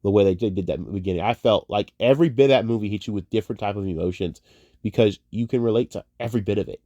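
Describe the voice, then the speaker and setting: A young man ranting casually about movies, profane and heated, wandering off on tangents and swinging between muttering and loud outbursts. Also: lowish voice, rapid-fire, no room sound. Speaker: online commentator.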